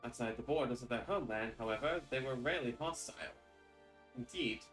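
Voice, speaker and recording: Male reader as a reserved, haunted woman, measured and archaic. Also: medium pitch, expressive, a bit bright, recorded from a distance, soft background music, rough recording. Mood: solemn.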